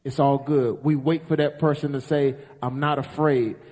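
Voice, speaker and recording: A man's voice: mid-range voice, steady tone, normal speed, darkish tone. A man hosting a live talk show, talking earnestly and rambling with many filler uhs. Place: ballroom stage before a live audience. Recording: echoey ballroom, long reverb.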